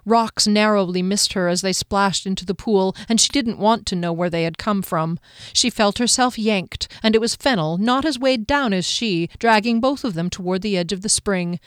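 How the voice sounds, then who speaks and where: A woman narrating an adventure story in an audiobook in a steady, measured way. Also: medium pitch, clear, resonant tone, no room sound, clean studio sound.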